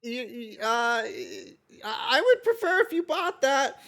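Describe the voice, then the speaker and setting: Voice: very animated, slow, gravelly, heavily acted. A stammering, flustered little shop boy. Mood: pleading. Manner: stammering, flustered, high and loud. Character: nervous little boy shopkeeper in a yellow shirt. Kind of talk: tabletop game character voice.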